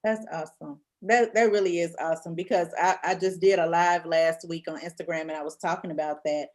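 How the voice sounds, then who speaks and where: A woman's voice: on the low side, fairly even intonation, a little fast. A woman hosting a casual interview, speaking in an encouraging, emphatic way. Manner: warm, encouraging, emphatic asides. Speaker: podcast host.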